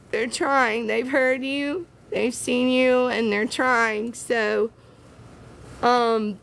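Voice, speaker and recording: A woman from the American South with a Southern accent, hosting a casual livestream and talking to her viewers in an emotional, halting, teary way. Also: a little high, a bit bright. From Southern United States. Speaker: livestream host.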